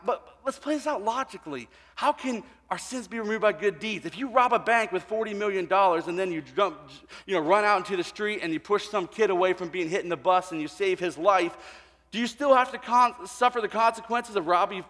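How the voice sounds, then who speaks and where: A man preaching a sermon, telling stories and acting out the people in them, with animated swings between soft and loud delivery. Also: high voice, a little fast. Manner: animated storyteller, voicing people in his anecdotes, swinging from quiet to shouting. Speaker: pastor. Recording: long hall reverb. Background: congregation.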